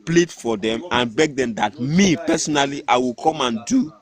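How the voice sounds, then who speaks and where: A man with a Nigerian accent tells a story casually in pidgin-tinged English, hesitant and earnest, often restarting his sentences. His voice is medium-pitched and animated, at a normal speed.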